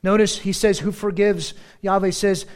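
A man with a high-pitched voice delivers a sermon. He slows right down to lean on key words, then rushes through quick, animated asides. He sounds middle-aged. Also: smooth. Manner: animated, shifts between slow emphatic phrasing and quick asides. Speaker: pastor.

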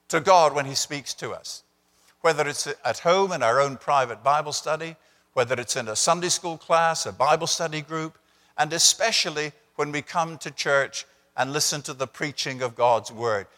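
An older man preaches from the pulpit in a mid-pitched voice, talking to the congregation conversationally and with dry humor. His words ring out through a church with a long, lingering reverb. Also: bright, forceful tone. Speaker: visiting preacher. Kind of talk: sermon. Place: church sanctuary.

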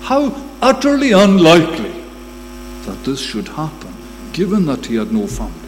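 A man delivering a sermon with a slightly high, animated voice that climbs and drops as he presses each point. He grows emphatic when he quotes scripture. His words ring out in a long reverberant hall over a faint hum. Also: moderate pace. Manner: emphatic, rising to bursts when quoting scripture. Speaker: preacher.

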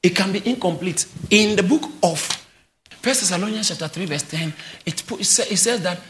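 A man preaching a sermon as a pastor, swinging from soft asides to shouted calls and often laughing between phrases. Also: high-pitched, brisk, reverberant. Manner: animated preaching, rising to shouts.

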